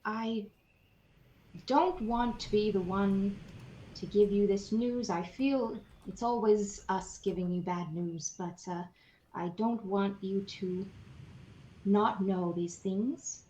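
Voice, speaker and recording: A woman playing a gentle, caring companion who speaks softly and hesitantly in a tabletop game. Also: medium pitch, fairly even intonation, takes it slowly, reverberant, slight background noise, lightly acted, low-quality recording. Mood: tender. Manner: soft, hesitant, apologetic.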